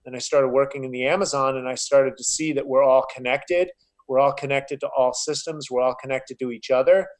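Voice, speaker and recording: A man in a casual interview, sounding earnest and a bit preachy as he talks. His pitch sits in a middling range, and "you know" keeps turning up between his thoughts. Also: steady tone, fairly quick. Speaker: podcast guest, health coach.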